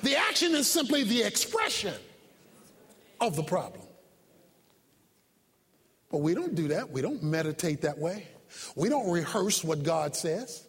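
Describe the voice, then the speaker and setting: High-pitched, animated shouting preacher man. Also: unhurried, long pauses, husky, in a large hall. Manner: emphatic, swings from loud shouting to soft low asides; acts out sounds and rhetorical questions. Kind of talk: sermon.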